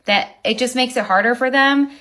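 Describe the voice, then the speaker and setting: A woman who owns a wedding venue, telling an animated, indignant account of a dispute with her neighbors. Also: sits high, normal speed. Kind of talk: recounting a neighbor dispute to camera.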